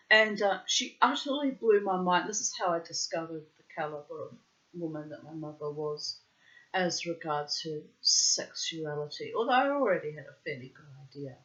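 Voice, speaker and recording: A woman's voice: low voice, normal speed, fairly bright tone. A middle-aged woman telling a personal story in a wry, dramatic, digressive way, with florid wording. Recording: dull lo-fi recording.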